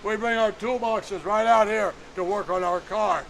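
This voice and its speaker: Old guy doing a pushy salesman type, sure he's right, gravelly high voice. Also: moderate pace, a bit bright, a little hiss or hum, low-quality recording. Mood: eager. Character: pushy male trailer builder, insistent salesman.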